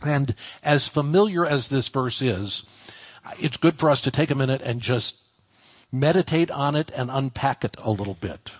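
Middle-aged male pastor, husky, mid-pitched, chatty sermon delivery with slow word-by-word emphasis. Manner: conversational, stresses single words with slow pauses. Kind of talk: expository sermon.

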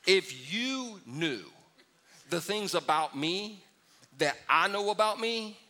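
Male pastor preaching casual and jokey, brightish higher voice, pushes the crowd to talk back. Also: animated, slow. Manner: joking, conversational preaching with call and response. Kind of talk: sermon.

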